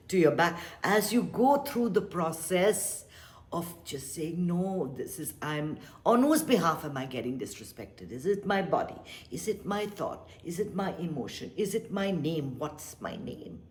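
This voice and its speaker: A woman giving a gentle, reflective spiritual talk as a meditation teacher, sometimes dropping into a whisper. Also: sits low, a little hiss or hum.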